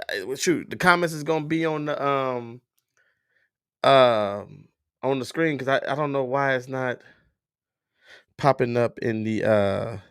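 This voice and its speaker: A man hosts a casual livestream. He chats loosely with his viewers at a middling pitch. The sound is dry and close. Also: clean tone, dry recording. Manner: chatty, talks straight to viewers, restarts and fillers. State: stuffy nose. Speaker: livestream host.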